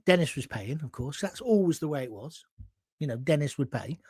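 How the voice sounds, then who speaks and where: Guy rambling thru a story, lots of swearing, high lively voice, dry close sound. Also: brisk, breathy edge, no echo. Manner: swearing, rambling with restarts and asides. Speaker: host. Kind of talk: casual storytelling monologue.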